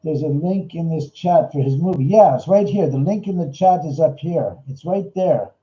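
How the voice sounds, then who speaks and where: A man doing a silly stoner Canadian ghost investigator with a put-on Canadian accent, tossing in "eh" and calling people hosers. The voice is dark and mellow, a bit higher than usual for a man. It comes through as slightly dull, roomy livestream audio. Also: expressive, normal speed, natural voice. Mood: joking. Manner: jokey, ends lines with "eh", calls people hosers.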